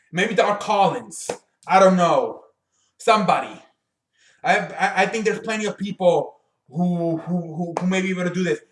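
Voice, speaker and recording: A man's voice: high voice, roomy sound, a little hiss or hum. A man hosting his own sports show, ranting bluntly and with plenty of profanity, stumbling and restarting as he runs out of breath. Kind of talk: casual sports rant to camera.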